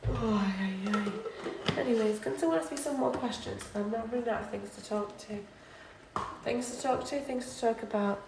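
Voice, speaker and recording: Gravelly and a little high, her voice moves at a moderate pace through a distant mic, with background noise behind it. It's a late-night casual livestream from a student flat kitchen, where this drunk young Englishwoman rambles chattily and repeats herself. The room echoes and she slips off-mic now and then.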